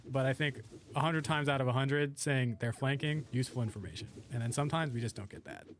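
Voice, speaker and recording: A man's voice: mid-range voice, fast, slight background noise. Laid-back young man chatting while gaming. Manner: laid-back, rambling, thinks aloud while playing. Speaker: streamer playing a video game. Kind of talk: casual gameplay chat with viewers.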